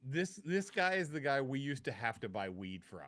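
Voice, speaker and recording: Male co-host, even mid voice, relaxed, sets up bits. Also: medium pitch, moderate pace. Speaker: podcast co-host. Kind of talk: casual chat.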